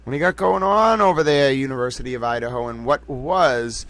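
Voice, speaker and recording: A man's voice: medium pitch, a little fast, a bit bright. A man hosting a livestream, giving impassioned commentary with emphatic repetition and rhetorical questions. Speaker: livestream host.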